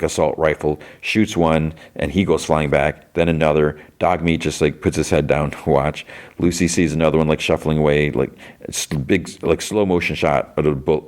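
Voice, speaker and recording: This podcast host has a very deep, slightly mellow voice. His episode recap wanders loosely, and he uses "like" heavily throughout.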